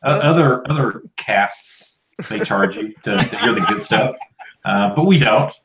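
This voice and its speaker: A low-voiced man speaks in a laid-back, agreeable tone as he talks to viewers on a live stream. His voice sits in a roomy space with a dull, lo-fi sound and faint background hiss. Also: lively intonation, measured pace. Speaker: podcast co-host. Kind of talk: casual live stream chat.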